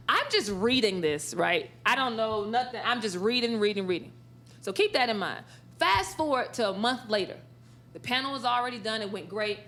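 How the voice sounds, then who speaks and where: Animated high-voiced woman telling stories. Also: moderate pace. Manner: animated, laughs often, acts out quoted dialogue. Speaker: esports sportscaster and college instructor, interview guest. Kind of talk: casual storytelling in an interview.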